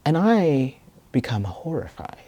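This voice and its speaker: A man telling a personal story in a reflective, soft-spoken and earnest way. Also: mid-range voice, very animated, a little slow, husky, no room sound, muffled recording. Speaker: video essayist.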